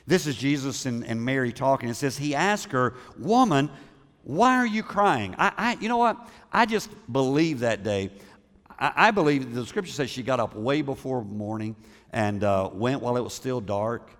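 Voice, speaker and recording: A male pastor delivers a sermon in an easy, conversational manner, often repeating words and asking the congregation questions. His voice sits at a middle pitch. The sound carries the long reverb of a large church hall. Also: animated, normal speed, fairly bright tone.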